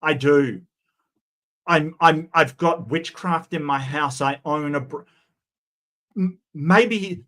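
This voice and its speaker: A man's voice: a little high, takes it slowly, long pauses, fairly bright tone. A man giving sarcastic, mocking reaction commentary, often stumbling and restarting his sentences.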